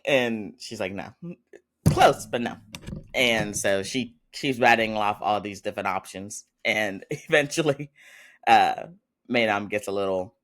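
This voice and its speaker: A man's voice: lowish voice, a little slow, fairly bright tone. A man hosting a podcast, recapping a drama episode in a loose, chatty way with lots of fillers and small laughs. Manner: chatty, rambling, with frequent fillers and little laughs. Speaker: podcast host.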